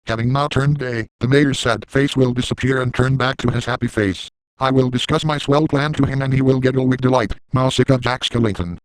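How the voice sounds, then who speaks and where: Gleeful and smug throughout, a middle-aged villain played by a man brags his way through a comic monologue in the first person. The voice is mid-range, natural, smooth, and clean, brisk with fairly even intonation. It's recorded dry and close without room sound, yet the overall audio quality is poor.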